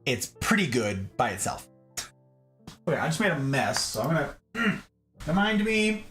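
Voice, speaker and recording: A man hosts a late-night stream from home, talking to his chat in a playful, animated way. His pitch swings widely from line to line. Soft music plays faintly behind him. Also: unhurried. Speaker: livestream host.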